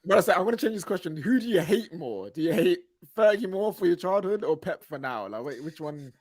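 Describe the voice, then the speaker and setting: A laid-back young man hosts a fan podcast in a fairly high voice. He talks in loose slang with stumbling restarts, and the sound is close and dry. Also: lively intonation, brisk, darkish tone, no room sound. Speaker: podcast host reading super chats. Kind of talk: casual podcast chat.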